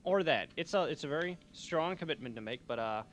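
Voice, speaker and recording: A man's voice: on the high side, animated, a little fast, fairly bright tone, slight background noise. A young man hosting a college radio show, chatting and joking in a loose, rambling, self-mocking way from a small studio. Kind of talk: rambling comedic radio chat.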